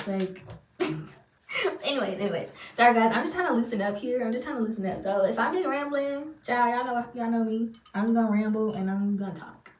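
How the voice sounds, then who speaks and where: A woman's voice: mid-range voice, slight background noise. A woman who works as a spiritual reader and channeler, talking to her viewers in a loose, chatty and self-deprecating way with lots of fillers. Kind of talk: casual rambling monologue to viewers. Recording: roomy sound, far from the mic.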